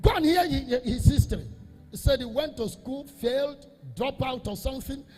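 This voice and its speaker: A man, a Catholic priest, preaching an emphatic sermon that repeats phrases and swells into half-sung, shouted lines. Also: extremely high pitch, moderate pace, long reverb tail, faint music behind.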